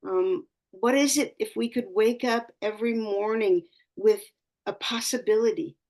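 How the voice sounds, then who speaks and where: A woman's voice: mid-range voice, a little slow, darkish tone. A woman astrologer giving an earnest, spiritual talk on a community call, searching for words and often restarting her phrases.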